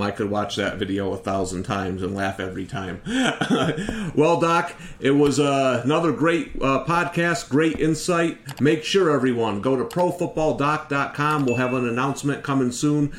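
A man hosting a casual podcast chat, upbeat and quick to laugh. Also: medium pitch, a little hiss or hum. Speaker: podcast host. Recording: echoey room sound.

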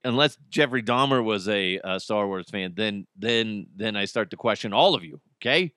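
A man's voice: lowish voice, animated, moderate pace, pushed and bright, smooth, no room sound, clean studio sound. A man hosting a casual solo podcast, joking and rambling, swearing freely and slipping into mocking voices. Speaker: podcast host.

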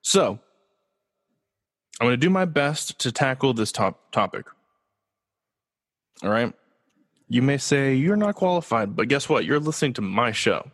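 A man's voice: mid-range voice, lively intonation, a little slow, pauses often, a bit bright, long reverb tail. A man from Los Angeles hosting his own sports talk show, casual and joking, asking himself rhetorical questions. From Los Angeles, USA. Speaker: podcast host.

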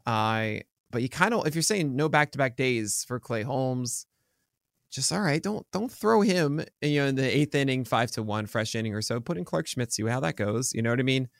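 A man's voice: mid-range voice, lively intonation, vocal fry, no room sound, studio quality. A man co-hosting a sports podcast, talking casually and rambling, correcting himself as he goes. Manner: rambling, self-correcting, quick to joke. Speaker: podcast co-host. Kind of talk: casual chat.

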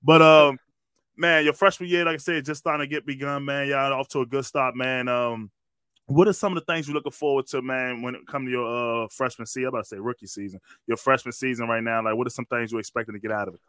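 Casual podcast host, man, bright and smooth voice, relaxed slang delivery, dry close sound. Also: mid-range voice, fast talker, no echo. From Washington, D.C. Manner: laid-back slangy, says man a lot. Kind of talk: casual interview.

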